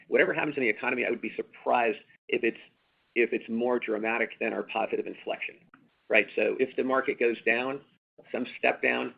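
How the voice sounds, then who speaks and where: A man's voice: medium pitch, vocal fry. A man, a company executive, answering analysts on an earnings call, rambling with many fillers and restarts and hammering points through repetition. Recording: tinny phone line.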